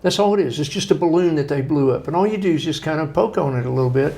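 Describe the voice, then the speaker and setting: Gravelly folksy man, animated storyteller. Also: on the high side, fast. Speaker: guest author. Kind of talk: conversational interview.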